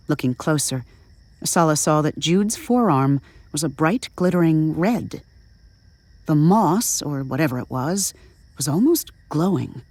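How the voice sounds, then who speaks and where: A woman narrates an audio drama in a steady, measured way. Her voice sits low, and the recording is dry and close. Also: dry recording.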